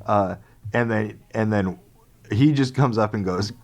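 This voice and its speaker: A man's voice: fairly low pitch, unhurried. A man co-hosting a podcast, telling a story in casual comedic style, laughing often and acting out what people said. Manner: laughs often, animated, acts out quotes. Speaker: podcast co-host.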